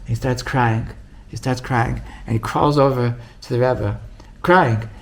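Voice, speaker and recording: Unhurried yet energetic, a gravel-voiced male rabbi leads a storytelling Torah class. He voices the people he quotes with sharp pitch leaps, frequently restarting and repeating words.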